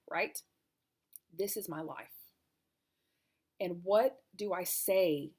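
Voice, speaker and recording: A woman talks in a personal confessional vlog, voice wavering as she tries not to cry. She rambles from one thought to the next, openly self-critical about her home and family. Her pitch sits mid-range for a woman. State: near tears. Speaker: homeschooling mom vlogger.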